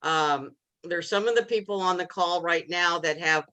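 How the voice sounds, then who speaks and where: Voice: mid-range voice, normal speed, pushed and bright. A coach chatting on a video call, playful and joking. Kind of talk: casual chat.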